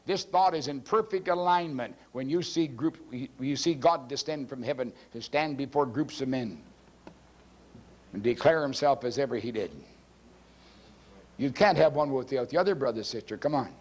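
A male pastor preaching a teaching sermon from a church pulpit, forceful and emphatic, swinging his pitch widely and often clearing his throat. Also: normal speed.

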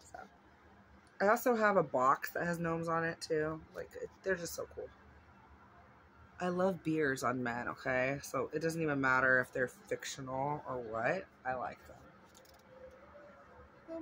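Chatty woman with a gravelly voice. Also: deep voice, fairly bright tone, a little hiss or hum. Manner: chatty, rambling, gushing, many fillers. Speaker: vlogger. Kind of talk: casual unboxing chat.

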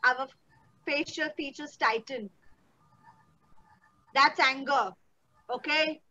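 A woman's voice: high-pitched, sharp tone, highs cut off. A young woman leading an online children's drama class over a video call, playful and coaxing, using endearments. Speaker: theatre workshop instructor.

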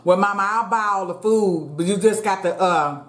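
A woman's voice: medium pitch, normal speed, voice pushed up, natural voice. Woman mimicking coaxing adult son, light, roomy echo. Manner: sweet-talking, coaxing. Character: her grown son, cajoling his mother.

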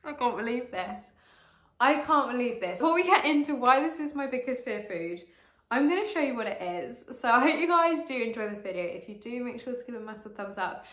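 A woman in her late teens chatting to camera as a vlogger while she eats, gushing and excitable, with lots of fillers. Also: on the high side, fairly quick. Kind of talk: casual to-camera vlog while eating. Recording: roomy echo.

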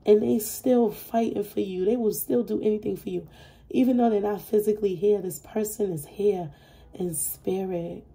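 Dark, gravelly-voiced woman reading tarot. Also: mid-range voice, fairly even intonation, normal speed, poor audio. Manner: casual, heartfelt, swears freely; repetitive, soothing reassurance. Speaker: tarot reader. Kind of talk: intuitive tarot reading to camera.

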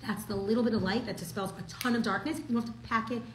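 A young woman teaching a casual Torah class, chatty and animated, peppering her talk with "like". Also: on the high side, racing, reverberant, a little hiss or hum, rough recording.

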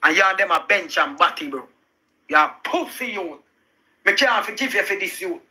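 A man's voice: sits high, lively intonation, moderate pace, bright, forceful tone, rough recording. A young man with a Jamaican accent, arguing heatedly on a live stream, insistent and talking over the other person, repeating himself.

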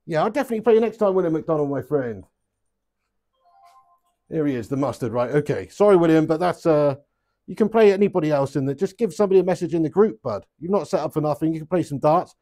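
Joking, swearing lad. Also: male voice, a little high, lively intonation, fast, dark tone. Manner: chatty and joking, swears freely, calls viewers lad and mate. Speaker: live stream host playing webcam darts. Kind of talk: casual live-stream chat.

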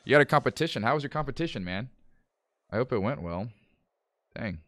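A man chatting casually with viewers while live-streaming a game, calmly planning moves, then breaking into exasperated outbursts. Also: mid-range voice, a little fast, dry recording, clean studio sound. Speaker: livestreamer playing a management game. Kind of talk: casual live gameplay commentary.

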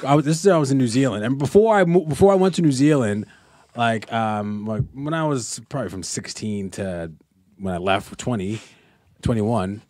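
A man telling an animated anecdote on a podcast, laughing along as he goes. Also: medium pitch, moderate pace, no echo. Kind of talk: casual storytelling.

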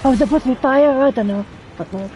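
A woman plays a game live and keeps up a running stream of startled remarks and swearing. Her voice is mellow and a little high, with faint noise underneath. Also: rapid-fire, rough recording. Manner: swears a lot, startled exclamations. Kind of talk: casual gameplay commentary.

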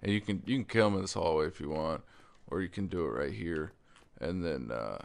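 Speaking briskly and animatedly in a low, gravelly voice, a let's-play gamer narrates his own game. His casual, rambling talk is packed with fillers, restarts and occasional stutters, and he swears whenever he's caught off guard.

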